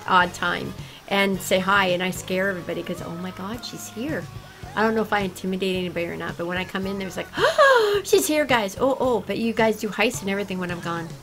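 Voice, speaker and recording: A woman chatting casually and excitably with her viewers while she plays a game on a livestream. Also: medium pitch, poor audio. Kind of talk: casual gaming livestream chat.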